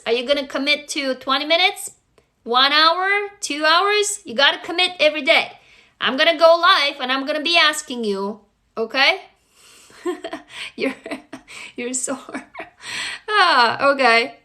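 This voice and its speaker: A woman's voice: high-pitched, sharp tone. A woman hosting a motivational livestream, talking bluntly and emphatically to her viewers, swearing freely and urging them to commit. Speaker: livestream host.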